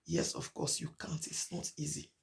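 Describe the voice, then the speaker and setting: A woman with a Nigerian accent talks straight to her viewers in a casual vlog. Her voice has a gravelly, creaky edge. She drives each point home by saying it again and again, moving between Pidgin and English. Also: deep voice, big pitch swings, normal speed. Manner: emphatic and repetitive, mixing Pidgin with English. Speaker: vlogger. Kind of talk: casual talk to camera.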